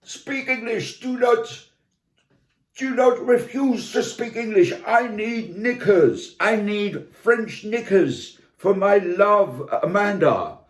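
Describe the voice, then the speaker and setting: Man playing a pushy English tourist barking orders, raised pitch, roomy sound. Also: steady tone, measured pace, few pauses. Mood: bossy. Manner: bossy, shouting demands. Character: pushy, arrogant Englishman abroad demanding English. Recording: echoey room.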